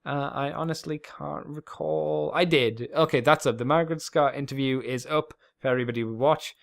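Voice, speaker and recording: A man's voice: mid-range voice, clean tone. A man hosting a podcast alone, rambling casually with plenty of swearing and self-deprecating asides. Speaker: podcast host.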